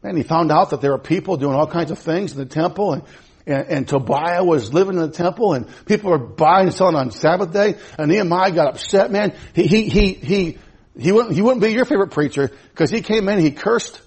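A male pastor in a church delivers his sermon in a raised, husky voice that sits high for a man. He repeats words and stumbles when he gets excited, then suddenly drops into low, quiet asides before climbing back up. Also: fairly quick.

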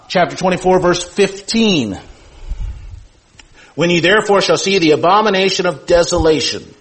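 Guy teaching bible study, kinda high voice, reads verses then quizzes the class. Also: low-quality recording. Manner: reads scripture aloud in King James wording, repeats key points, asks the class questions.

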